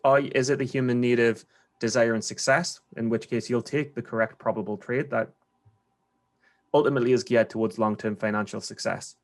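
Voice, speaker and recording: A man with a Geordie accent from England, his voice mid-range, fairly even and fairly quick, rambles loosely through his trading habits while being coached. He keeps restarting and uses a lot of slang.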